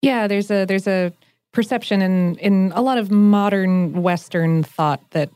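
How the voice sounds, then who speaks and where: A woman's voice: mid-range voice, unhurried, a little mellow, clear, resonant tone, no echo. A woman co-hosting a casual chat, enthusiastic and fond of explaining word origins. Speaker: podcast co-host.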